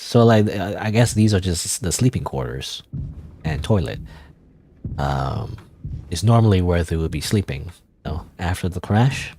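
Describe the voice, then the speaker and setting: Low-voiced man rambling through a game. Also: a little mellow, slight background noise. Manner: rambling, thinking aloud, casual. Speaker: gaming streamer. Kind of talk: let's play commentary.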